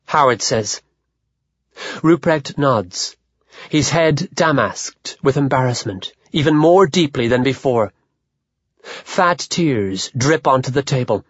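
A man narrating a literary audiobook in a measured, even manner. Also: medium pitch, husky, no echo. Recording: dull lo-fi dry audio.

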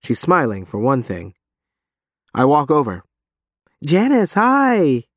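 A man's voice: mid-range voice, animated, a little slow, vocal fry, fairly bright tone, dry recording, clean studio sound. A man narrating a story in first person. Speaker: audiobook narrator. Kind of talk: scripted narration.

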